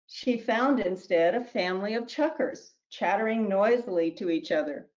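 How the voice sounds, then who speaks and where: Woman gently reading her picture book. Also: mid-range voice, normal speed, hardly any pauses, muffled recording. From New Mexico, US. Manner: gentle storybook narration with small slips. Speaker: children's book author.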